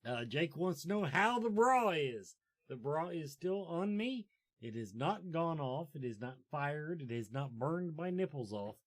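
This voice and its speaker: A man hosts a casual chat show, rambling from one joke to the next. His voice sits a little high and swings up and down with animated energy. He talks into a studio mic. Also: measured pace. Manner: joking, rambling, lively talk. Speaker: show host.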